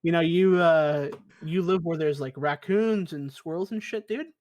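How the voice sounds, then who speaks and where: Chatting casually from a basement, a young man co-hosting a podcast speaks at normal speed in a slightly high voice with a darkish tone. He's easygoing, cursing freely and tossing "dude" at everyone.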